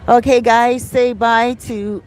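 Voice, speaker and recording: A woman's voice: fairly high pitch, little pitch movement, slow pace, darkish tone, some chatter behind. Chatty Canadian woman live from a beach. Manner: chatty, reads viewer comments aloud. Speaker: vlogger. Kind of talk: casual livestream chat. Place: outdoors on a beach. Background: faint outdoor street noise.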